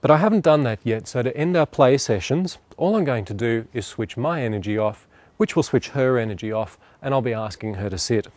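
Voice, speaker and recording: Calm man explaining dog training. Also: mid-range voice, fairly quick, no room sound. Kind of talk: instructional demonstration.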